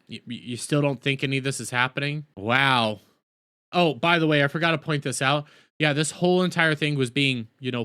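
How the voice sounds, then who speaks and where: A man's voice: fairly high pitch, sharp tone. A man casually recapping and reviewing a TV episode, rambling and sarcastic, openly exasperated.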